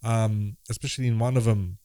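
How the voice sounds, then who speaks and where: A man co-hosting a music podcast, talking in a halting, thoughtful way with many restarts. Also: fairly low pitch, steady tone, warm tone, no echo. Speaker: podcast co-host, guitarist. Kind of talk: casual conversation about music.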